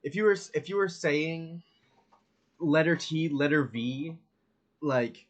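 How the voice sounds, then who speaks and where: A man's voice: on the high side, slow pace. A man co-hosting a casual podcast, rambling and arguing with a laugh. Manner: rambling, argumentative, laughs a lot. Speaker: podcast co-host. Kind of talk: casual chat.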